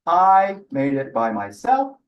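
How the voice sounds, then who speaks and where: A fussy little female starfish, as a male storyteller puts her on, pitched well up and drawn out slowly, sing-song and insistent. She sounds a few steps from the mic, like a tale told to a room. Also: wildly swooping pitch, lo-fi sound, full character voice. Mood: scolding. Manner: slow, sing-song pleading. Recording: voice heard from a distance.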